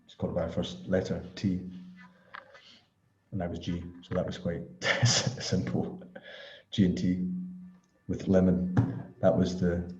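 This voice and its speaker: A man's voice: low voice, completely flat delivery, a little slow, pauses often, darkish tone. A Scottish man in casual chat on a video call, reflective and rambling, chuckling often. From Scotland. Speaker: study group participant. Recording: echoey, dull lo-fi room audio.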